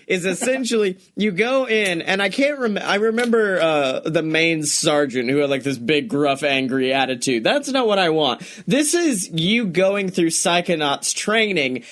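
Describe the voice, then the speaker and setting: A young man co-hosting a podcast, chatting casually, excited and swearing often, laughing as he talks. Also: sits high. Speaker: podcast co-host. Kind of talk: casual chat.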